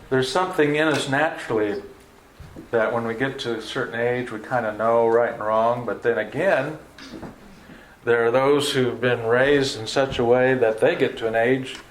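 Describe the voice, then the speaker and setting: A man's voice: medium pitch, slight background noise. A man teaching an adult Bible class in a classroom, talking casually and asking the class questions. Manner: conversational, asks the class questions. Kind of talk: leading an adult Bible study.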